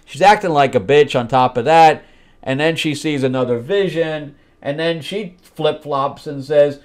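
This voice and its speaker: A man's voice: on the high side, a little slow. A man hosting a comic book review show, talking bluntly and with open frustration, and mocking the characters in put-on voices as he flips through the pages. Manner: blunt, exasperated critique with mocking acted-out quotes. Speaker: host.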